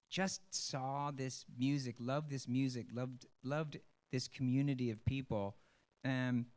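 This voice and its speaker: A man, a stage actor, giving an earnest, rambling personal talk to an audience, with many pauses and ums. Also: medium pitch, a little mellow.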